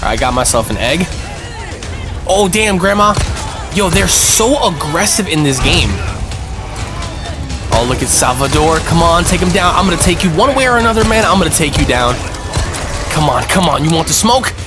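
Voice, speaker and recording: Excitable male let's-play host, fairly high and very lively voice, loud game music underneath. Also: moderate pace, long pauses. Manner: excitable, yelps and repeats himself in tense moments; casual slangy talk. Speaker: gaming channel host. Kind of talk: let's-play gameplay commentary.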